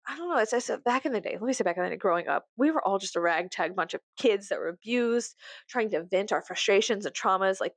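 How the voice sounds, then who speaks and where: A young woman rants through a story in a lively, fairly high voice that swings all over the place. Her delivery is loose and profane, full of quick asides. She jumps into bigger voices when she acts out other people, and the sound is close and dry. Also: no room sound. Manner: acts out quoted people with big pitch jumps. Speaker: vlogger. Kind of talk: casual storytelling rant.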